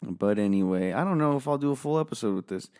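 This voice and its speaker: A man's voice: mid-range voice, animated, fast, darkish tone. An American man hosting a solo podcast from his office, talking into a microphone in a profane, sarcastic, rambling way. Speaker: podcast host. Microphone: studio microphone.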